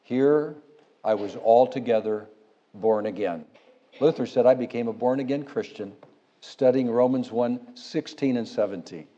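A man preaching a sermon as pastor, building to emphatic high peaks and then dropping low and soft. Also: moderate pace. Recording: dull lo-fi sound.

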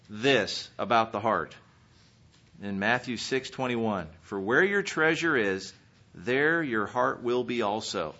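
Pastor guy preaching, bright forceful voice, gets loud on verses then real quiet, kinda muffled recording. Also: mid-range voice. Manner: earnest preaching, rising emphatic on scripture, dropping soft on questions. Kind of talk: sermon. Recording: dull lo-fi sermon recording.

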